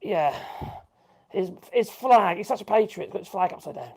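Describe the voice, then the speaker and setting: A man's voice: high-pitched, lively intonation, normal speed, creaky, darkish tone, slightly rough. Chatty Norfolk man on a live stream. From England. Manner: chatty, crude and mocking, muttering asides. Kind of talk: casual live-stream chat reading viewer comments.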